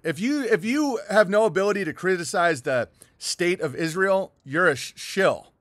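Middle-aged male stream host, fairly high voice, dry close sound, heated profane rambling. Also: fairly bright tone, no echo. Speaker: livestream host. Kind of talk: rambling livestream monologue reading viewer chats.

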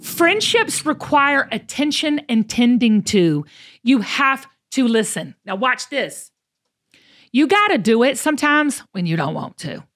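A high-pitched woman hosts a relaxed chat. She talks emphatically, with fired-up, preachy bursts. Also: unhurried. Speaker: show host. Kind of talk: casual chat.

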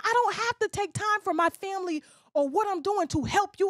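A woman's voice: very high-pitched, brisk, a bit bright, no room sound, studio quality. A woman blogger delivering a blunt, profane rant, mockingly mimicking other people. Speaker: gossip blogger. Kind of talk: ranting monologue.

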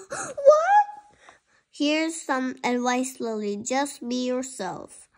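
Storybook tiger, blunt and teasing, high and unhurried, read by a child.

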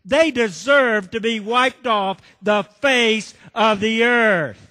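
A man's voice: sits high, lively intonation, a little slow, a bit bright, exaggerated voice. A preacher acting out a bitter, resentful male prophet in a sermon story, with a grudging, resentful delivery. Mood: furious. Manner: grudging mutter, then furious ranting. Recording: reverberant church hall.

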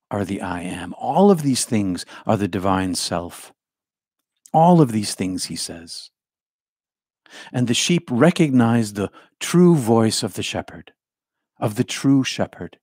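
A man giving a reflective spiritual talk as a teacher, in slow, repetitive, incantatory phrases that often drop to a hush. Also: mid-range voice, husky, no room sound, studio quality.

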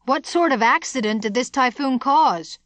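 A woman voicing a blustering, shouting engineer. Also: extremely high pitch, no room sound, pitched above the performer's own voice. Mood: alarmed. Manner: loud, gruff, quick to shout. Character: brash blustering male weapons engineer. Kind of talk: audiobook character voice.

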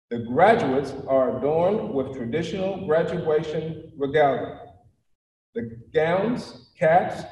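A man, a school official, reading formal graduation ceremony announcements in a measured, scripted way. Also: on the high side, warm tone, reverberant, big-room sound, distant mic, slight background noise, low-quality recording.

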